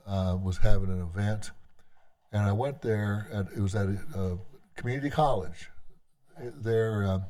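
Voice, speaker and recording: A man with a low, mellow voice addresses a legislative session as a tribal government leader. His remarks are unscripted and conversational, halting often and circling back to restart his sentences.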